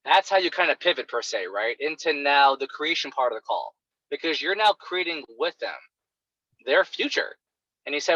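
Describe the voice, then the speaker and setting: Animated male sales coach, bright lo-fi voice. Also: fairly high pitch, moderate pace, dry recording. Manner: animated, acts out clients' reactions. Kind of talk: coaching talk on a call. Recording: dull, lo-fi sound.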